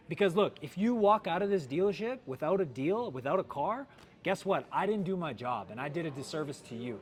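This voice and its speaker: A man leading a sales training session for his dealership team, talking in an energetic coaching way with lots of "right?" and "like". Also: on the high side, fast talker. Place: car dealership.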